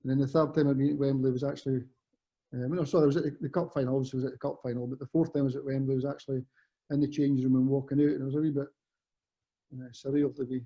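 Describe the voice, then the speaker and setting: A man's voice: medium pitch, flat delivery, very fast. A Scottish man in his fifties, a former footballer and guest, telling rambling stories that often correct themselves. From Scotland. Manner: rambling, self-correcting storyteller. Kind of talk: casual chat. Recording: muffled lo-fi audio.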